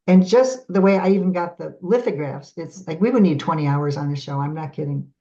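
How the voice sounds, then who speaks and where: A middle-aged woman guest on a podcast, telling stories in a lively way and acting out the voices of the people in them. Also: sits low, brisk. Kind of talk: animated storytelling in a podcast interview. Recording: dull lo-fi audio.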